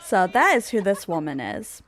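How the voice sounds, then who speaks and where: A woman's voice: mid-range voice, sing-song, moderate pace, noisy background. A woman casually narrating a life-simulation storyline, chatty and rambling, explaining the characters as she goes. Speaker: game storyteller.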